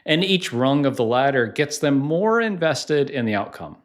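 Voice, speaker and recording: A man's voice: medium pitch, sing-song, moderate pace. A man coaching on sales in a conversational teaching style, acting out sample questions. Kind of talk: instructional talk to camera.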